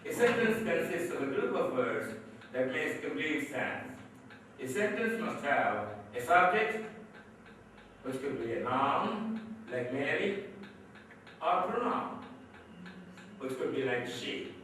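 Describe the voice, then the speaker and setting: Slow, lively-pitched male lecturer, echoey. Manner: slow, deliberate classroom explanation. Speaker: communication skills trainer. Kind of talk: lecturing on English grammar. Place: training session room. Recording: echoey hall from far off, faint noise.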